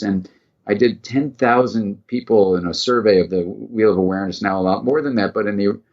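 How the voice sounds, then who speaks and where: A middle-aged man with a low, gravelly and husky voice talks in an earnest, reflective way. He tells stories in an interview and acts out the quoted dialogue. The audio sounds dull and lo-fi. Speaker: psychiatrist guest.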